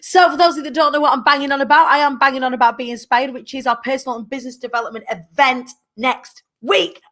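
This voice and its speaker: In this clip, a bubbly, chatty woman in her thirties hosts a live show and talks playfully with her viewers. Her voice is high and fairly bright, her intonation fairly even, and she talks fast.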